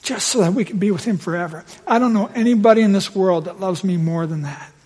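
A middle-aged man preaching a sermon in a church, telling a family story and swelling loud at the climaxes. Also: high voice, fast. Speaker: pastor.

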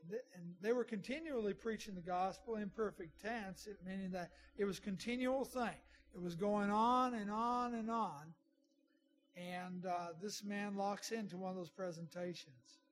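A man's voice: high-pitched, a little hiss or hum. A middle-aged man preaching a sermon in a conversational way, with asides to the congregation. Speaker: pastor.

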